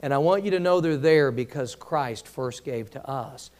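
A man's voice: mid-range voice, moderate pace, darkish tone. A man preaching a sermon in a conversational way, with many restarts and emphatic questions to the congregation. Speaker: pastor.

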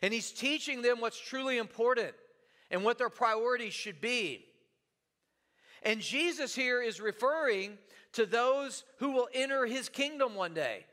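A man's voice: very high-pitched, lively intonation, measured pace, pushed and bright, in a large hall. A man preaching a sermon as pastor in a church, talking conversationally, repeating words and asking his listeners "right?".

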